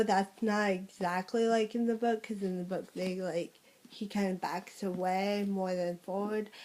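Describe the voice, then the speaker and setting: A woman's voice: mid-range voice, darkish tone, poor audio. A young woman chatting casually through a monthly book wrap-up, rambling with lots of fillers and restarts. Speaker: book vlogger. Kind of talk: casual book review vlog.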